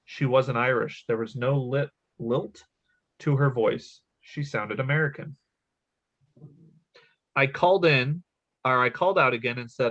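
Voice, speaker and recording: A man's voice: medium pitch, measured pace, pauses often, a bit bright. Man, thirties, casual podcast host, reads spooky tale, laughs a lot, muffled recording. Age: 30s. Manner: laughs often, swears casually. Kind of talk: casual podcast chat, reading a story aloud.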